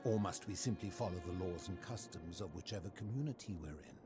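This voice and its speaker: A man voicing a lonely, aging philosopher hermit in a video game, speaking in a formal, measured and questioning way over game music. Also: low voice, lightly acted. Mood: probing. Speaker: game character. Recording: game audio with soundtrack music.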